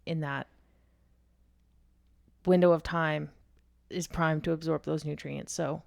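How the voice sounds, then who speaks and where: A woman hosting a podcast, chatting candidly and poking fun at herself, often trailing off quietly. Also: low voice, fairly even intonation, slow, vocal fry, no room sound. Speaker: podcast host. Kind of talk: casual chat.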